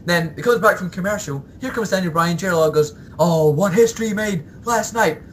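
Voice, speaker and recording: A man co-hosting a casual podcast, animated, laughing often and mimicking announcers. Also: high voice, fairly quick, a little hiss or hum. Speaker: podcast co-host. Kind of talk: casual chat.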